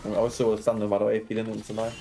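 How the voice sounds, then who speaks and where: Though his lowish, creaky, mellow voice has a completely flat delivery, this young man gives quick, explanatory live gameplay commentary with faint music behind. He coaches through each move, keeps checking in with "right?" and "okay?", and laughs and banters with chat.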